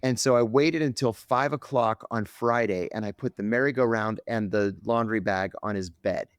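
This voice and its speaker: A man's voice: fairly low pitch, normal speed, clean tone, no echo, studio quality. A man telling a story as a podcast guest, dramatically acting out the voices he quotes. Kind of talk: animated storytelling.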